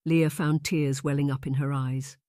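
Measured male audiobook narrator. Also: on the high side, level tone, darkish tone, dry recording, clean studio sound. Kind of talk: scripted narration.

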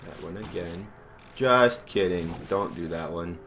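A man's voice: low voice, a little slow, fairly bright tone, slight background noise. A man giving goofy, rambling gameplay commentary and talking to himself as he plays. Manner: goofy, rambling, talks to himself while playing. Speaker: gaming channel host.

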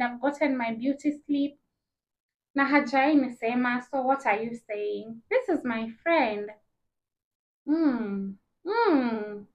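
Kenyan girl vlogging a storytime, high voice, acts out everyone, kinda dull lo-fi sound. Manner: animated, acts out dialogue with shifting voices. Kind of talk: casual storytime, mixing English and Swahili slang.

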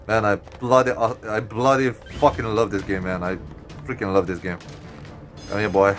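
A young man giving casual gameplay commentary, excitable and profane, stuttering and restarting, with sudden high yelps. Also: moderate pace, soft background music.

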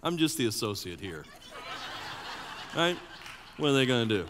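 A man preaching a sermon as an associate pastor, animated and often asking the congregation questions. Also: mid-range voice, normal speed, slight background noise. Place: church sanctuary. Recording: long church reverb.

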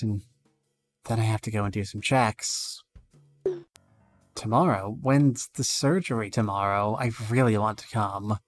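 A man reads a game's conversation aloud, taking both sides in a mid-pitched voice. Now and then his voice lifts sharply. Soft game music plays behind him. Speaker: streamer. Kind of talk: reading game dialogue aloud.

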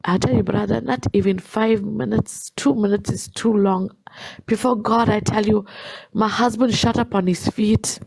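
A woman's voice: medium pitch, steady tone, moderate pace, gravelly, darkish tone, slight background noise, poor audio. A woman telling her personal faith testimony in an earnest way, repeating herself for emphasis. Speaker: guest sharing a testimony.

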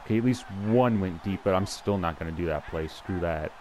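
A man's voice: low voice, fairly quick, darkish tone, slight background noise. Chatty young man commenting on gameplay. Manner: chatty, self-deprecating, thinks aloud with restarts. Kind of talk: casual live gameplay commentary.

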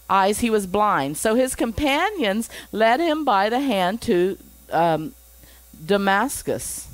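A woman's voice: mid-range voice, no echo, rough recording. A woman pastor teaching a Bible lesson, reading scripture aloud and breaking off for chatty asides and chuckles.

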